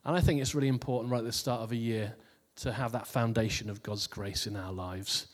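A man's voice: fairly low pitch, fairly quick. Chatty male preacher in a reverberant room. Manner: relaxed, chatty, laughs at his own jokes. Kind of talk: casual New Year sermon.

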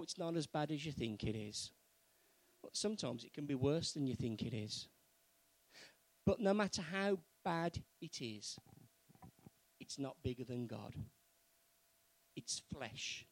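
A man preaching a sermon, moving from quiet, earnest pleading to loud, fervent exhortation. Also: medium pitch, dry recording, poor audio.

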